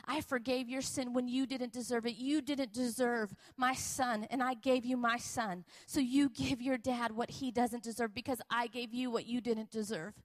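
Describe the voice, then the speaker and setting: A woman's voice: on the high side, steady tone, normal speed, few pauses, dry recording, lightly acted. A woman voicing God as a patient but firm male father figure who repeats his point insistently. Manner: insistent, repeats key phrases.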